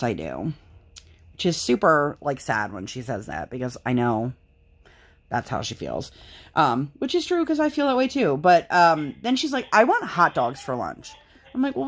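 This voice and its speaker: A woman in her thirties with a low voice chats away while she works on a craft. She rambles candidly and vents her frustration, sighing now and then. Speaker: vlogger and mother. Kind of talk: casual chat while crafting.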